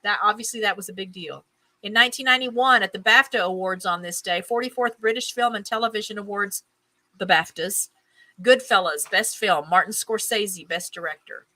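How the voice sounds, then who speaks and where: A woman's voice: medium pitch, moderate pace, sharp tone, low-quality recording. A woman hosting a casual stream, reading items aloud, tripping over names, and adding chatty musing asides. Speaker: host.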